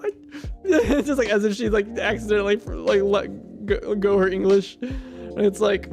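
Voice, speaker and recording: High gravelly-voiced man rambling over music. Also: normal speed. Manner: rambling storyteller, laughs often, talks to himself. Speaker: streamer. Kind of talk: casual chat while drawing. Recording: music playing under the voice. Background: clear background music.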